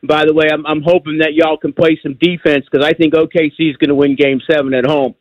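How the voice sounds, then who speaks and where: A man's voice: fairly high pitch, little pitch movement, brisk, no room sound. Rambling older male caller on a phone line. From New York. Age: 60s. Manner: rambling, repetitive, emphatic. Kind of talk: call-in radio chat.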